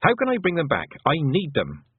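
A man's voice: on the high side, wildly swooping pitch, fairly quick, breathy edge, no echo, voice pushed up, heavily acted. A man voicing a determined young girl who talks sharply and urgently. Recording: dry, phone-like narrow sound.

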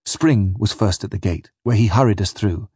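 A man reading a first-person adventure story aloud with vivid, dramatic storytelling in a husky voice. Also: fairly low pitch, moderate pace, a little mellow, no echo, studio quality. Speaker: narrator.

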